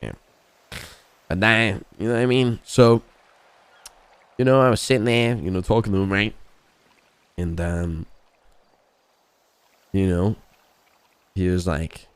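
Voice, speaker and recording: A man with a very low voice tells a long story in character, swearing freely and circling back with "you know what I mean." The sound is dry and close, with no room around it. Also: fairly even intonation, takes it slowly, long pauses, clear, resonant tone, dry recording. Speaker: roleplay gamer. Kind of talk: in-character roleplay chat.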